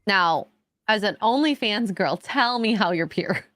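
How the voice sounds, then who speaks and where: A woman co-hosting a casual chat, speaking in a measured, thoughtful way. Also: medium pitch, lively intonation, fairly bright tone, dry recording. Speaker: co-host.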